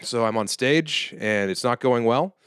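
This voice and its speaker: A man's voice: unhurried, clean tone, no echo, studio quality. A man in his thirties, a stand-up comedian guest on a podcast, telling stories and acting out the people he quotes in shifting voices. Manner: animated storyteller, acts out the people he quotes in high or low voices. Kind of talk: casual podcast chat, storytelling.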